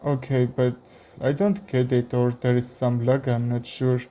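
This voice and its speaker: A man from Armenia with an Armenian accent, a chess streamer commenting live in halting English with many fillers. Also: medium pitch, little pitch movement, mellow.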